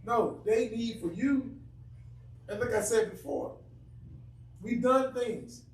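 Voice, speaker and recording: A man's voice: extremely high pitch, slow pace. A man speaking earnestly and emphatically in a Bible study class discussion. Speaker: class member. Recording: echoey room, far from mic, faint noise.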